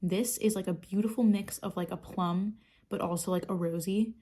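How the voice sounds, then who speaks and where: Her mid-range voice is mellow with a breathy edge, fairly even in intonation and moderate in pace. This makeup vlogger talks through her routine in a rambling, sarcastic way, cursing freely in casual get-ready-with-me chat.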